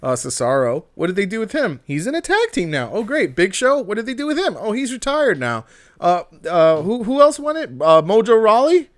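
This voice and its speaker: A man co-hosting a casual wrestling podcast, excitable, swearing often and laughing at his own jokes. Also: high-pitched, a little fast, no room sound, studio quality. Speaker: podcast co-host.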